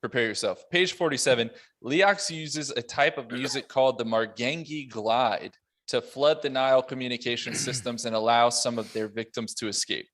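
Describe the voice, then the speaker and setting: A man hosting a casual podcast roundtable, running briskly through notes and laughing often. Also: mid-range voice, a bit bright. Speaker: podcast host.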